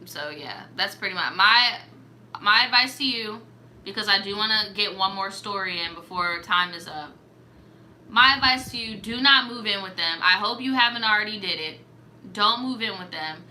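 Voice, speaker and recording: A young woman hosting a casual storytime show, giving blunt, profane advice with animated reactions. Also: mid-range voice, normal speed, a little hiss or hum.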